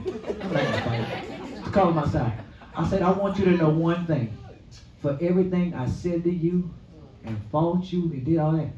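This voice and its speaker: A man in his forties telling his life story at a luncheon, with a lively storytelling style that swells into exclamations. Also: fairly high pitch, slight background noise. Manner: storytelling, preacher-like, rising to exclamations. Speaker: guest speaker. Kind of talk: personal testimony. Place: event hall at a luncheon. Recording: echoey room from far off, dull sound.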